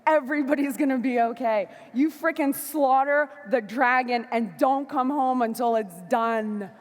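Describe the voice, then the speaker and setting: A woman's voice: sits high, measured pace. Fiery woman speaking in an echoey hall. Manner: fiery, emphatic, swings between shouting and soft asides. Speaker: motivational speaker. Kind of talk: motivational stage talk. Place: large hall before a live audience.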